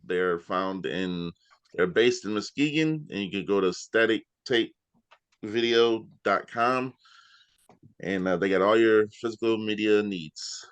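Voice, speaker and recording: A man's voice: on the low side, unhurried, smooth, dry recording. A man hosting a casual interview show, chatting easily with lots of "you know". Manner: relaxed, uses filler like "you know". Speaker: podcast host.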